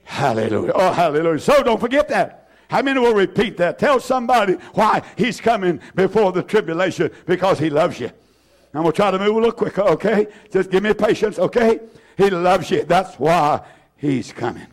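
Fervent preacher, high-voiced man. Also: lively intonation, fairly quick. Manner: fervent, repetitive, swings from loud to hushed. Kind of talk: impassioned sermon.

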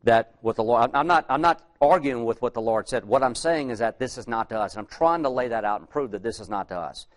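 A middle-aged man with a drawl preaches in a relaxed, conversational way. He poses questions to his listeners and slows down to read old-style scripture aloud. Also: mid-range voice. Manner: asks the congregation questions, reads King James verses slowly. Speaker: lay preacher. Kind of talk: conversational sermon with scripture reading.

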